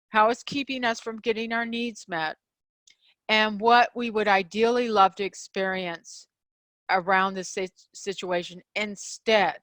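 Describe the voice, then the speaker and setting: Woman, middle-aged, relationship coach, casual teaching, animated, mid pitch, dry close sound. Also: no echo. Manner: animated, acts out quoted examples in a raised voice; frequent fillers and restarts, laughs between points. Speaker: podcast host and relationship coach.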